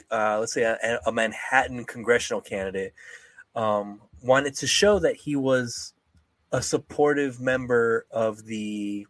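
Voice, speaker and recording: A man's voice: medium pitch, no room sound. A young man co-hosting a podcast, rambling and joking, swearing freely and mimicking people in casual chat. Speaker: podcast co-host.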